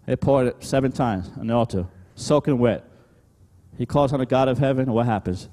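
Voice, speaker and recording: A male pastor preaching a sermon, calling out "Amen?" to the congregation and swinging between loud emphatic exhortation and quieter talk. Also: mid-range voice, fairly quick, long reverb tail. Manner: preaching with call-and-response "Amen?".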